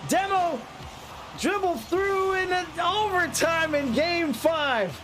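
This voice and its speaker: A man with a high voice calls an online esports match play by play from a home streaming setup. He gets excitable and yells at the big plays. A faint hiss sits under his voice. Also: takes it slowly. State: out of breath. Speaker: esports caster. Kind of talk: play-by-play commentary.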